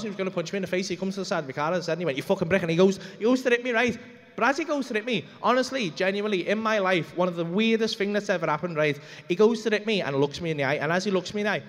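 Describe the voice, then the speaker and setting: A young man with a Liverpool accent telling a rambling, swearing, animated story as a stand-up comedian on a club stage. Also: sits high. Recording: reverberant comedy club hall.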